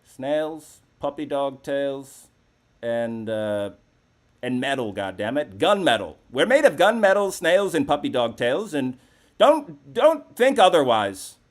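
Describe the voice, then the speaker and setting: A man's voice: medium pitch, animated, unhurried. A man hosting a live call-in comedy show, talking in a brash, profane, rambling way. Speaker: host.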